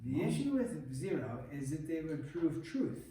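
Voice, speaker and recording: Slow-talking high-voiced male math teacher. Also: very animated, creaky, dark tone. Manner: joking, laughs often. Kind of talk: classroom lecture with banter. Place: classroom, recorded from afar. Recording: echoey classroom from far off, noisy.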